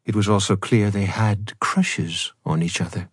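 A man reading an audiobook in a measured, even storytelling manner. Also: low voice, husky, no room sound, studio quality. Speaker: audiobook narrator. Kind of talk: scripted narration.

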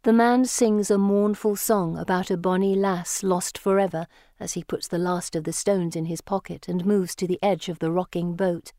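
A woman reading a first-person storybook in a measured, lyrical way. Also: lowish voice, fairly even intonation, dark tone, no echo, clean studio sound. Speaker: audiobook narrator.

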